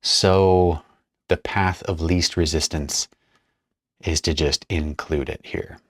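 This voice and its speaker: Man, very low voice, relaxed tutorial narrator thinking aloud, dry close sound. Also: takes it slowly, no room sound. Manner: thinks aloud while working, chatty asides. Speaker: perfumer demonstrating a blend. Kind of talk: casual hands-on tutorial narration.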